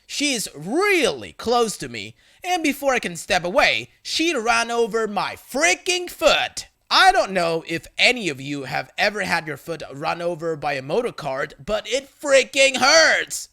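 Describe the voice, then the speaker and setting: A man narrating a reddit story in a scripted, read-aloud style, with sudden loud jumps on quoted lines. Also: high voice, sing-song, unhurried, vocal fry, few pauses.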